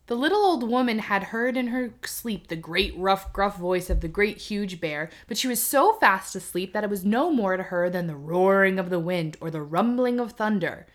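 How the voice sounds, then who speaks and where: A woman's voice: medium pitch, expressive, normal speed, hardly any pauses. A woman hosting a podcast, reading a folk tale aloud with wry asides. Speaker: podcast host. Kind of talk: casual storytelling podcast.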